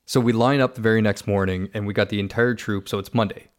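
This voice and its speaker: A man's voice: fairly low pitch, steady tone, quick pace, few pauses. A man, co-hosting a podcast and telling a story in casual chat, acting out the quotes. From Canada. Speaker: podcast co-host.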